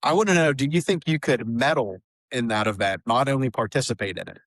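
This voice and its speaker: A man's voice: mid-range voice, fast talker, a bit bright, no room sound. A man hosting a podcast, chatting casually with many fillers and easy laughs. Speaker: podcast host. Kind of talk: casual interview chat.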